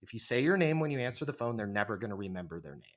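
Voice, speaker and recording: A middle-aged leasing trainer appearing as a podcast guest talks very fast in a low, sing-song voice. He's emphatic and energetic, acting out phone greetings in quoted voices.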